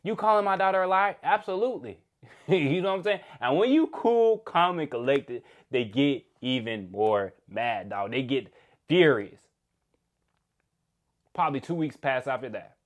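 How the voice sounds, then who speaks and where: A young man, casually telling a work story in an animated, slangy way, often laughing. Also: mid-range voice, measured pace.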